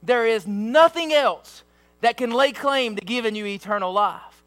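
A man with a very high, bright, forceful voice delivers a sermon. He leans hard on emphatic, repeated phrases as he preaches. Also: a little slow, faint music behind.

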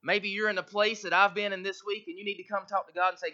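A man's voice: sits high, flat delivery, fast, few pauses, bright, forceful tone, highs cut off. A man, preaching a sermon as pastor with earnest, emphatic appeals.

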